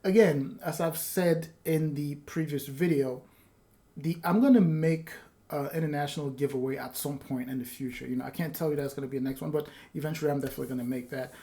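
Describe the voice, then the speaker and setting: A man hosts a giveaway vlog on his own YouTube channel, his voice a little high, warm, brisk, and fairly even in intonation. He talks casually, rambling and apologetic, with nervous laughs.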